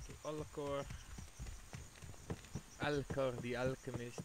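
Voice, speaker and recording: A man's voice: mid-range voice, level tone, takes it slowly. A man with a Dutch accent commenting on his gameplay, thinking aloud in a hesitant, self-correcting way. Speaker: gamer. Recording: loud background noise.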